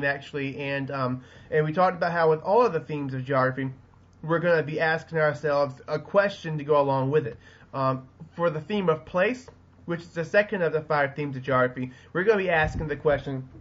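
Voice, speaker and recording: A man's voice: a little high, fairly quick, a bit bright, lo-fi sound. A man with a Southern US accent giving a recorded geography lesson, rambling with lots of ums and restarts. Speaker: teacher. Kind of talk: recorded classroom lecture. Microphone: webcam.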